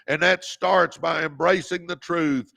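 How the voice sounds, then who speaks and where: A man's voice: a little high, steady tone, unhurried, creaky. A man past forty, hosting a motivational livestream with a fervent, preacher-like delivery. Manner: preacher-like, fervent, calls viewers baby, shouts encouragement. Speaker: livestream host.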